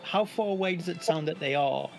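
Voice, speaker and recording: A man's voice: on the high side, a little fast, vocal fry, poor audio. A man playing a tabletop game, chatting casually and breezily explaining his character's abilities. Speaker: player.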